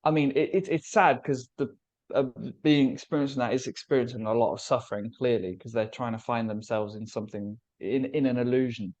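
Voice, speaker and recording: A man's voice: mid-range voice, a little fast, darkish tone, muffled recording. A man co-hosting a casual spiritual podcast discussion, musing in a loose, philosophical way and laughing easily. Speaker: podcast co-host.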